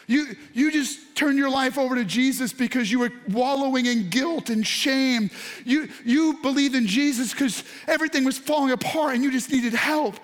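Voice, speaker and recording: A man preaching a sermon, speaking straight to his congregation and online viewers and breaking into excited shouts. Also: very high voice, normal speed. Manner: animated, bursts into excited shouts. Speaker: pastor.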